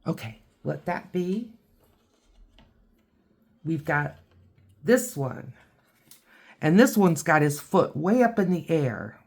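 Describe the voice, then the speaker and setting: A woman giving a relaxed watercolor tutorial, chatting and thinking aloud as she paints. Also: sits low, slow pace, gravelly, long pauses, slightly rough. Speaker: art teacher.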